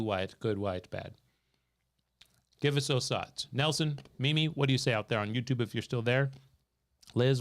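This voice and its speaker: A man hosting a live financial Q&A from a studio, telling a story and reading out viewer comments from the chat. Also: medium pitch. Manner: storytelling, reads out viewer comments, quizzes his co-host. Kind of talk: livestream talk with chat interaction.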